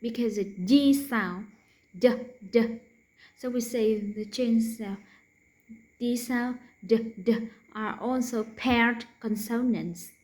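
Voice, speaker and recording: A woman's voice: a little high, takes it slowly, darkish tone, poor audio. A woman with a Vietnamese accent teaching English pronunciation, repeating each consonant sound several times and dropping to a whisper for the unvoiced ones. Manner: demonstrates sounds by repeating them, drops to whispers. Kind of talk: slow explanatory lesson.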